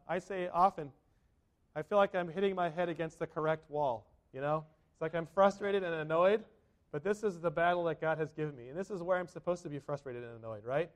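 A man preaching a sermon to a congregation, conversational, often asking the listeners questions. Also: a little high. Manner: conversational, asks the congregation questions, acts out quotes. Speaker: pastor.

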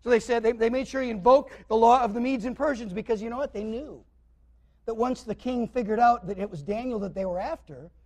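A man preaching a sermon, animatedly retelling a scripture story and acting out the characters, swinging between loud and quiet. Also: very high-pitched, a little fast.

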